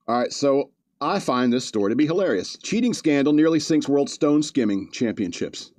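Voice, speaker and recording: A man's voice: mid-range voice, animated, moderate pace, darkish tone, no room sound. A man hosting a podcast, reading news stories aloud with joking asides and frequent chuckles. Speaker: podcast host. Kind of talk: casual comedic commentary.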